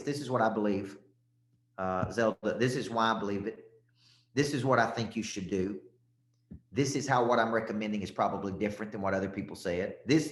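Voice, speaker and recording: A man's voice: on the low side, a bit bright, roomy sound. A man with a Southern accent, a sales coach giving a punchy, repetitive motivational talk and calling out listeners by name.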